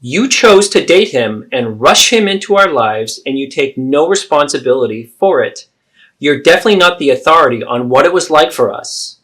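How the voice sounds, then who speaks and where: A man's voice: on the high side, animated, a bit bright, breathy edge. A man playing a firm adult daughter. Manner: firm, measured. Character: adult daughter confronting her mother. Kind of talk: therapy role-play.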